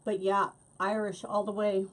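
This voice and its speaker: A middle-aged woman hosts a casual wreath-making tutorial, chatting and laughing often as she works. Her voice is mid-range and level, at a normal speed.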